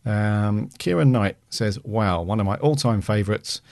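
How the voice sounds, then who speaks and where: A low-voiced man co-hosts a fan podcast, reading out listener reviews in an easygoing manner with plenty of ums and uhs. The recording is dry and close. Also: measured pace, gravelly, dry recording. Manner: relaxed, reads aloud with fillers. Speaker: podcast co-host.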